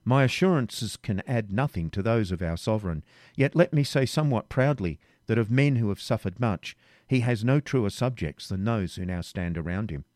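A man's voice: lowish voice, expressive, normal speed, a little mellow, dry recording, clean studio sound, lightly acted. A man reading aloud, voicing a proud, gallant outlaw leader with courteous speech. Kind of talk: audiobook reading.

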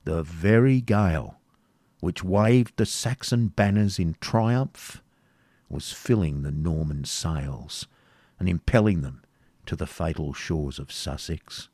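A man's voice: sits low, slow, darkish tone, breathy edge, no room sound, pitched below the performer's own voice, exaggerated voice. A man voicing a proud, brooding old Saxon lord with a stately, declaiming manner in an audiobook reading, dry and close.

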